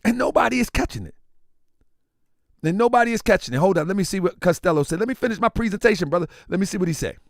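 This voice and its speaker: Emphatic man with a lively pitch. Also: fast, no echo, studio quality. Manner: emphatic and repetitive, addressing viewers as family. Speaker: commentary channel host. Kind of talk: opinion commentary.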